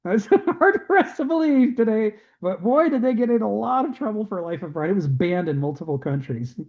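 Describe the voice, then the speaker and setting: A man with a fairly high voice leads an online discussion over a video call. He explains in an easy lecture style and slips into little voices for quotes. The audio is dull and lo-fi. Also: a little fast. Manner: animated, acts out quoted voices. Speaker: host of an online discussion group. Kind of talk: casual lecture-style chat.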